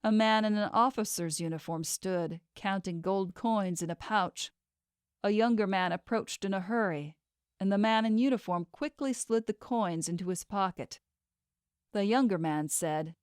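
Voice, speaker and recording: A woman narrating a romance novel audiobook in a steady, measured way into a close studio mic. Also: medium pitch, clean tone, no room sound. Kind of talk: scripted narration.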